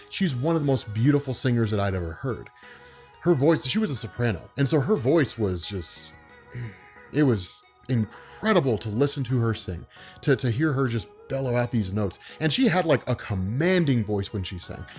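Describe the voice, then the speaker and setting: A man vlogging in a relaxed, unhurried way, with a voice that carries and commands attention, spoken from the diaphragm. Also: mid-range voice. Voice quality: carrying, commanding voice. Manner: calm, laid-back, unhurried; speaks from the diaphragm. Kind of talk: relaxed talk to camera.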